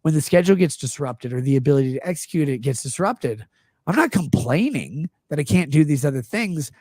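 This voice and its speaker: A man's voice: on the high side, expressive, fairly quick, a little mellow, no echo, studio quality. A man in his thirties hosting a casual live-stream chat, earnestly and defensively explaining himself at length. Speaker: show host.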